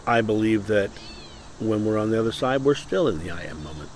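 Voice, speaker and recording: Low-voiced man in earnest morning chat. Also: expressive, brisk, slight background noise, rough recording. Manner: earnest, self-correcting with many restarts. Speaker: spiritual channel host.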